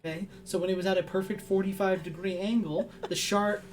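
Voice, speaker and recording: A young man co-hosting a game stream, telling stories in a deadpan, mock-serious way during casual chat. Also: sits high, brisk, noisy background. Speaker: streamer co-host. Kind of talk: casual chat while gaming.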